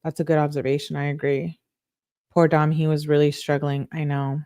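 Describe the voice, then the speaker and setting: A woman's voice: deep voice, flat delivery, normal speed, warm tone. A woman talking through a true crime case in a casual, conversational way, thinking aloud as she goes.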